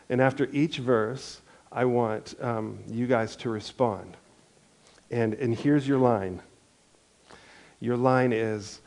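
A middle-aged male pastor preaching a sermon and leading a responsive reading in a slow, soft, unhurried way. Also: mid-range voice, a little hiss or hum.

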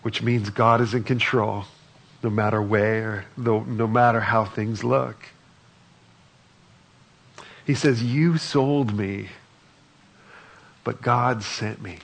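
A man delivers a sermon in an easy, conversational manner, stopping to read scripture passages aloud. His voice sits low with a gravelly, fry-edged texture and a husky, slightly rough grain. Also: flat delivery, a little slow, a bit bright. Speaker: pastor.

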